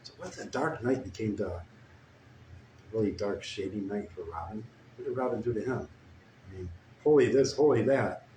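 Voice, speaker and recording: A man telling a crude, meandering comic story with deadpan asides. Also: fairly low pitch, normal speed, pauses often. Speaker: comedic storyteller. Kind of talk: rambling improvised comic story. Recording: echoey room with faint ambient noise. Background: guitar playing.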